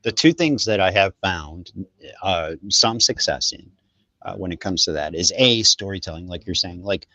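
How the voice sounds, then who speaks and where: Male podcast co-host, very low voice, dry close sound, loose and rambling. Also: normal speed, no echo. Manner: relaxed, rambling with fillers. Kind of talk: casual tech chat.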